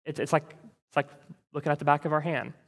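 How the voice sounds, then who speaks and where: A man preaching a sermon, teaching in an animated, conversational way and checking in with the listeners with frequent asides. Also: a little high, fast, big-room sound. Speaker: pastor.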